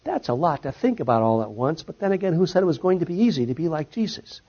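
A man's voice: a little high, very animated, quick pace, warm tone, breathy edge. A man giving a lecture and taking audience questions, his voice dropping at the end of sentences and rising on key points. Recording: dull lo-fi recording.

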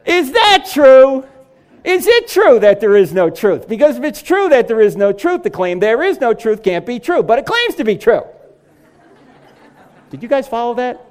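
A middle-aged man speaks to a live crowd in a comic lecture on apologetics, landing one punchline after another. His voice sits high for a man. It leaps up and down with lively, animated swings. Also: normal speed. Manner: joking, punchline-driven delivery. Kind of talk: humorous lecture to a live audience.

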